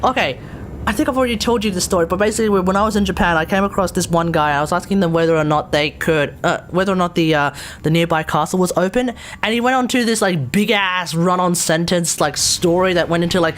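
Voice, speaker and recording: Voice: mid-range voice, slight background noise. An Australian game streamer chatting casually on a live stream, rambling, laughing and swearing as they go.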